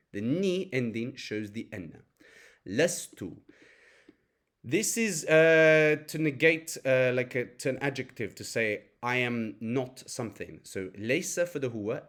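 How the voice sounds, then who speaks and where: A man's voice: medium pitch, fairly bright tone. A man teaching a grammar lesson, breaking example sentences down word by word with the occasional filler. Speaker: Arabic teacher.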